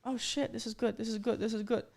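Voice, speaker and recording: A man leads a live coding lesson and explains each step as he types. He gets excitable and cheers his viewers on, with loud bursts of hype between the explanations. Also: extremely high pitch, fast talker, vocal fry. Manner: excitable, hypes the audience. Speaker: coding instructor.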